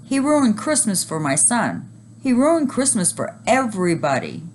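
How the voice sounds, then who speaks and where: A woman voicing an angry father shouting accusations in a storybook reading. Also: medium pitch, sing-song, measured pace, a little hiss or hum, pitched above the performer's own voice. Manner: loud, accusing.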